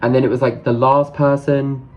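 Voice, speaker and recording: A man's voice: mid-range voice, level tone, moderate pace, muffled recording. A man telling a story in a casual vlog, chatty and gushing, swearing casually as he goes. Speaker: vlogger.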